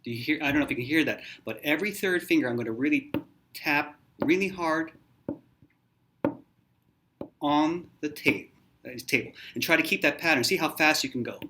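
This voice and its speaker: Relaxed man teaching piano exercises. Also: a little high, moderate pace, long pauses, noisy background. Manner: relaxed, demonstrative, counts finger numbers aloud. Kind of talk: casual video lesson. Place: hotel room.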